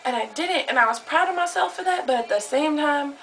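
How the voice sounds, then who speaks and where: A woman's voice: high voice, animated, fairly quick, fairly bright tone, a little hiss or hum, rough recording. A young woman telling a heated story into her camera, agitated and swearing a lot. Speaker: vlogger. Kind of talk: casual vlog storytelling. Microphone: camera close up.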